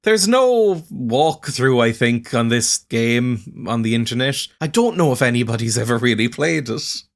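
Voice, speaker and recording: A man's voice: medium pitch, lively intonation, measured pace. Self-mocking let's-play man. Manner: rambling, self-mocking, laughs often. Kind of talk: casual gameplay commentary.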